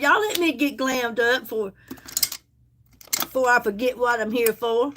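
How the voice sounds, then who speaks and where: A woman's voice: a little high, measured pace, background noise. A woman with a Southern US accent chatting folksily with viewers on a casual live stream, calling them honey as she sells.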